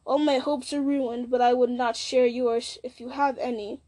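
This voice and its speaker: A woman's voice: sits high, steady tone, normal speed, dark tone, natural voice. A woman reading the lines of a bitter, scornful old male wizard, with a sneering, mocking manner.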